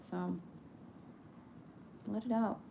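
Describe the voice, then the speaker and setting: A woman with a gravelly, mellow voice, talking straight to her audience in a candid monologue. She is emphatic and preachy, laughs often, and mixes swearing with casual slang. A faint hiss sits under her voice. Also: medium pitch, steady tone, drawn-out words. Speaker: performer speaking to her audience.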